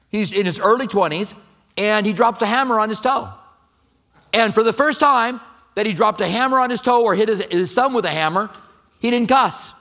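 A man preaching a sermon in a conversational way, reading scripture slowly and acting out quotes. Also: sits high, a bit bright. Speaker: pastor.

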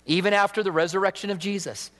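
A man's voice: high voice, steady tone, quick pace, fairly bright tone, long reverb tail. A man preaching a sermon in a conversational way, putting questions to his congregation. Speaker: pastor.

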